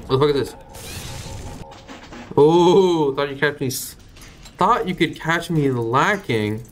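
A young man giving live gameplay commentary as a streamer, excitable, swearing and thinking out loud as he plays. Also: a little high, slow, soft background music.

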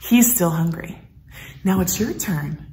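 A woman teaching a children's music and movement lesson at home. She talks in an animated, sing-song way and coaxes the children to join in. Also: fairly low pitch, slow pace, roomy sound, distant mic, slight background noise.

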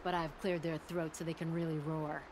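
A woman playing a hearty middle-aged weapon-smith in a game, brisk and plain-spoken. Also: low voice, little pitch movement. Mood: proud, brisk. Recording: game audio under loud noise.

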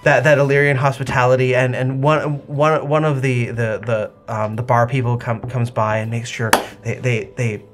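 A man running a tabletop game, describing the scene in a halting, descriptive way. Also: medium pitch, flat delivery, over music. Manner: halting, descriptive narration with many restarts. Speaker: game master.

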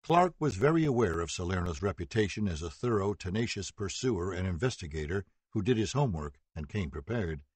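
Guy reading an audiobook, kinda low and husky, steady even delivery. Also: a little fast, few pauses, dry recording. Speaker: audiobook narrator. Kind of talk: scripted narration.

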